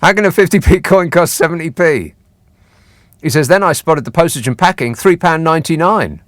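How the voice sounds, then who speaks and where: A man's voice: fairly high pitch, animated, brisk, dry recording. A man hosting a radio phone-in show, talking in a dry, sarcastic, teasing way. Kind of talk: late-night radio phone-in chat. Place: radio studio. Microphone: studio microphone.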